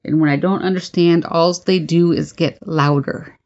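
Low, gravelly woman with a wry tone. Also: steady tone, moderate pace, a little mellow, lo-fi sound. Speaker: shaman podcast co-host. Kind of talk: casual podcast chat.

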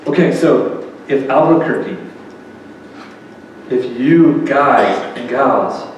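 A man preaches to a live audience in a loose, conversational way, tossing questions to the room. His voice sits at a middling pitch. The recording is distant and washed in long hall echo, with a faint murmur of room noise underneath. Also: a little mellow. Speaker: speaker at a faith event. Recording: echoey hall recording from far off.

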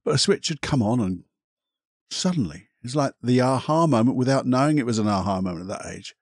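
A middle-aged man, a hypnotherapist hosting his own podcast, telling a personal story in a reflective, candid way with casual swearing and halting pauses. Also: mid-range voice, expressive, husky, no echo, studio quality.

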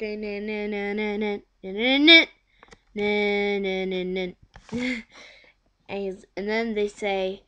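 Slow, rambling woman vlogger. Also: medium pitch, steady tone, clean tone. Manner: rambling, many fillers and repeated words. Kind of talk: casual home video chat.

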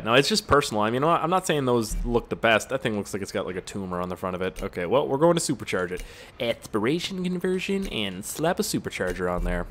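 A man in his twenties doing gameplay commentary, rambling off-topic and joking crudely with plenty of swearing. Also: medium pitch. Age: 20s. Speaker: gaming YouTuber.

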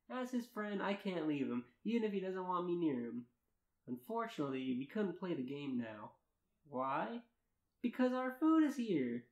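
A man's voice: high-pitched, darkish tone. Man reading fan fiction in a roomy echo. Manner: earnest mock-dramatic reading, laughing breaks. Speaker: podcast host.

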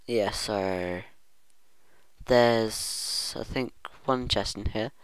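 A man's voice: on the low side, very slow, smooth, no echo. A man talking through his own gameplay in a rambling let's-play commentary, musing aloud to himself and humming now and then. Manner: rambling self-talk, hums and muses aloud. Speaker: gaming channel host.

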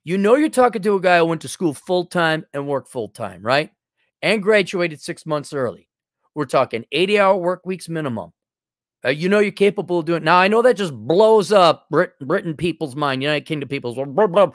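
A man's voice: fairly high pitch, expressive, brisk, dry recording, studio quality. A male host reading a viewer's letter aloud and answering it with blunt, mocking sarcasm.

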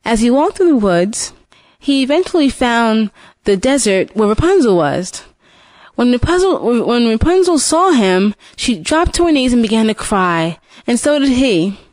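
The storyteller, a woman, works through an unscripted retelling of a fairy tale, repeating words and restarting often. She uses a fairly high, sing-song voice, a little mellow, at a measured pace, with no echo.

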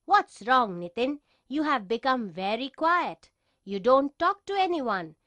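A woman reading the lines of a schoolboy's caring parents in a children's storybook, giving gentle advice. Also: high-pitched, sing-song, measured pace, no room sound, exaggerated voice. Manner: gently advising.

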